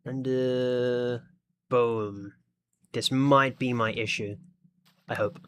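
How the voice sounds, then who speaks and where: A man's voice: medium pitch, flat delivery, very slow, long pauses, a bit bright, slight background noise. An Australian man chatting casually on a live stream, thinking aloud and talking to his viewers as he sorts out his game. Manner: chatty, thinks aloud, talks to chat while fiddling with the game.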